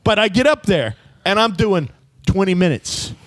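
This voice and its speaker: A comedian co-host tells a profane, animated story in a strikingly high voice. The sound is dry and close, with no room around him. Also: male voice, moderate pace, no echo. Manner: animated, swearing, blunt.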